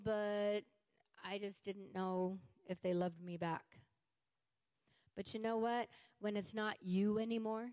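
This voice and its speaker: A woman preaching a sermon with fervent emphasis, slowing down to stress key words. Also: medium pitch, a little mellow, clear, resonant tone.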